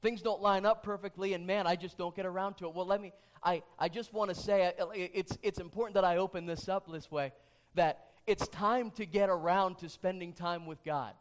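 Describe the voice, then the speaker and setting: A man's voice: sits high, fairly even intonation, moderate pace. Earnest man preaching a sermon. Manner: earnest, repeats questions and restarts phrases. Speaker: pastor. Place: church sanctuary.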